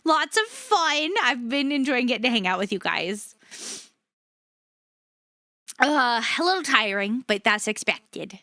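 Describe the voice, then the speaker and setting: A woman's voice: medium pitch, sharp tone, no echo, studio quality. A woman streaming live, chatting casually with her viewers, laughing often and swearing freely.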